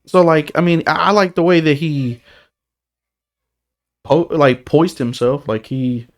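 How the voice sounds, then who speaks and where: A man's voice: on the high side, fairly even intonation, unhurried. A man co-hosting a casual podcast, joking and laughing with his partner. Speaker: podcast co-host.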